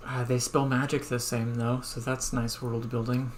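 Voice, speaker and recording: Male streamer, casual rambling game commentary, average pitch, faint noise. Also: level tone, moderate pace. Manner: chatty, muses aloud, laughs at himself.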